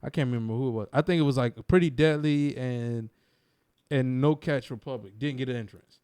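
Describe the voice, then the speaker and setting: A young man co-hosting a wrestling podcast in casual, animated chat, swearing and laughing often. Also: mid-range voice, a little fast, clear, resonant tone. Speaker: podcast co-host.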